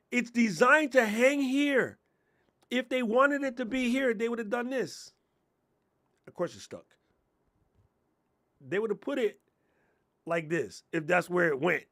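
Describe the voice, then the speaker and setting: A man's voice: very high voice, animated, measured pace, long pauses, fairly bright tone, no room sound, clean studio sound. A man giving casual tech tips on a stream, ranting and sarcastic, then muttering along as he works his computer. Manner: ranting, sarcastic, jokey, puts on mocking voices; laid-back and muttering while working the computer. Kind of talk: casual livestream tutorial. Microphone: lapel mic on chest.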